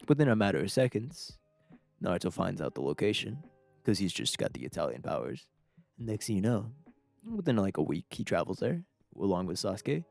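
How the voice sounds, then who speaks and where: A man's voice: lowish voice, gravelly, a little mellow, no room sound. A young man casually narrating a comic fan story, rambling and profane, with lots of fillers. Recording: dry close mic with faint music.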